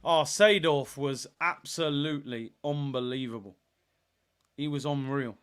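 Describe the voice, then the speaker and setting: A young man hosting a live football watchalong, chatting casually and getting loud and excited during attacks. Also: mid-range voice, measured pace, smooth. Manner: excitable, shouts during attacks, chats with viewers. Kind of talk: casual live match commentary and chat.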